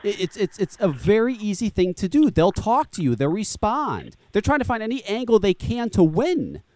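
A man's voice: high-pitched, huge pitch swings, moderate pace, mellow, no echo. A man co-hosting a talk show, emphatic and profane, repeating words as he pushes a point. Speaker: podcast co-host. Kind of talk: animated advocacy talk show chat.

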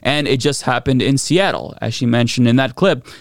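A man's voice: mid-range voice, moderate pace, gravelly, dry recording, studio quality. A man hosting a political commentary show, talking bluntly and sarcastically with frequent profanity.

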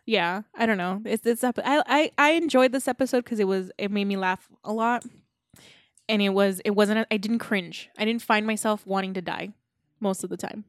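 A woman co-hosting a casual podcast, swearing freely and laughing often, with a middle-pitched voice. She drops into mocking impressions of characters as she recaps. The sound is dry and close, with no room echo. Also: normal speed. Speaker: podcast co-host. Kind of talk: casual chat.

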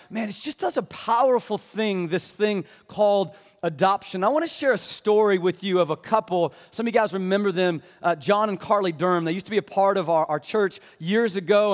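A man preaching a sermon as a pastor, telling a story with a casual, passionate delivery that drops to a hush for tender moments. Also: high voice, long reverb tail. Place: church sanctuary.

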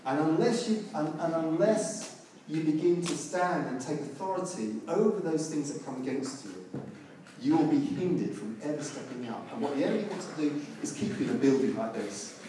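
A man preaching a sermon in a very echoey church hall, heard from some distance. He tells the story at an easy pace and rises to loud, emphatic peaks. Room noise is clearly audible behind him. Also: fairly high pitch, expressive, normal speed.

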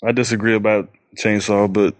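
Young dude, blunt and stammery, swears, dry close mic. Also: male voice, fairly low pitch, flat delivery, moderate pace, dry recording. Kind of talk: casual chat.

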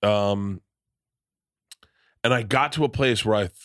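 Speaking a little slowly in a lowish, slightly bright voice, this stand-up comedian and podcast host rambles through a story, often swearing and restarting sentences. He voices the quoted people himself, captured in a dry, clean studio recording.

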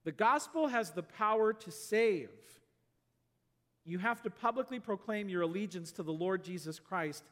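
A man preaching a sermon, telling stories and swinging between loud exclamations and quiet asides. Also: high-pitched, moderate pace. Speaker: pastor. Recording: long hall reverb.

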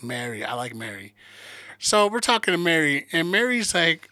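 A man's voice: fairly high pitch, normal speed, no room sound. A man co-hosting a podcast, telling a profane story in casual chat and acting out the voices of the people in it. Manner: profane, animated, acts out quoted dialogue. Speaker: podcast co-host.

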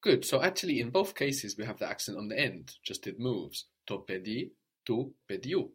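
A man's voice: mid-range voice, very animated, a bit bright, breathy edge. Patient male language teacher. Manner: patient, drawn-out model phrases. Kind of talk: guided language lesson.

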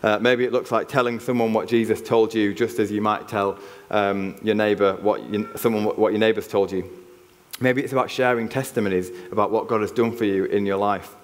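Yorkshire man, preacher, somewhat low voice, earnest conversational sermon, reverberant hall. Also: fairly even intonation, brisk. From Yorkshire, England. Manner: earnest, conversational, frequent restarts. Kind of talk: church sermon. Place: church hall. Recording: long reverb of a church hall.

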